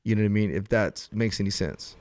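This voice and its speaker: A man's voice: fairly low pitch, fast talker, a little mellow, dry recording, clean studio sound. A man hosting an interview, a police officer himself, earnest and encouraging, asking long reflective questions. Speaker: podcast host and police officer.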